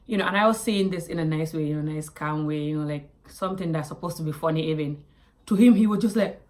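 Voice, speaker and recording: A woman from Africa telling a personal story to camera, animated, with quiet asides and whispers. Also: low-pitched, fast talker, a little hiss or hum. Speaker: vlogger.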